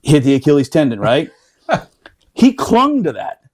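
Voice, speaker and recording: High-pitched, animated storyteller man. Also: unhurried. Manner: profane, animated, laughing while telling. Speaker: podcast storyteller. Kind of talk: casual storytelling chat.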